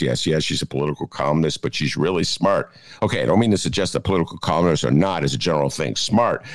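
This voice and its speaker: Man, middle-aged, casual commentary, lively pitch, dry recording. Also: no echo. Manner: animated, jokey, jumps to high pitch for emphasis. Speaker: columnist hosting a media review segment.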